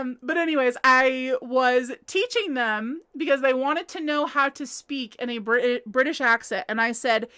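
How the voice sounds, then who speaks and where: High-voiced chatty American woman. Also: moderate pace, a bit bright. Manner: chatty, laughs often, says "like" a lot. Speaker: livestream host. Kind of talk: casual chat reading live comments. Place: home.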